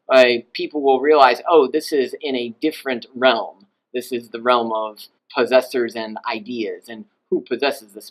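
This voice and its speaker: A man teaching Latin in a video lesson, explaining grammar and swooping his pitch up and down to demonstrate pronunciation. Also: fairly bright tone, rough recording.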